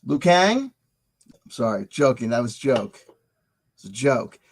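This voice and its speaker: A man's voice: medium pitch, normal speed, darkish tone, breathy edge. A man hosting his own channel, rambling through dates and history in a digressive, joking way and often repeating himself. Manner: digressive, jokey, talks back to himself; stumbles and repeats words. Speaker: channel host.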